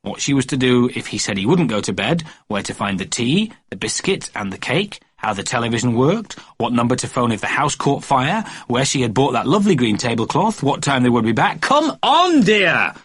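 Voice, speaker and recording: Male audiobook narrator for a kids' story, animated, husky. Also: mid-range voice, brisk, few pauses, no room sound.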